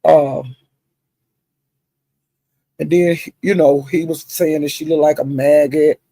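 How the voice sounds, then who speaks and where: A woman's voice: deep voice, fairly even intonation, takes it slowly, dark tone, dry recording. A woman hosting a livestream, chattily retelling gossip with lots of asides and some cussing. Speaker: livestream host. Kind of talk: casual gossip storytelling.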